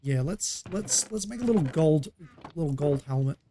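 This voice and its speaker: A man from Australia streams a survival game and keeps up a loose, chatty running talk with his viewers. His voice sits a little high, and he breaks into laughs between in-game moves. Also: expressive, moderate pace, warm tone, slight background noise. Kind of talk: casual live gameplay chat.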